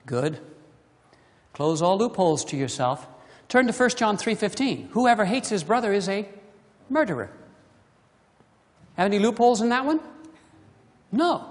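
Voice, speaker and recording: Animated preacher in an echoing church. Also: mid-range voice, normal speed, pauses often. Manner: emphatic, rhetorical questions to the congregation; swings between loud emphasis and hushed asides. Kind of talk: sermon. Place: church sanctuary. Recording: long reverb of a church hall.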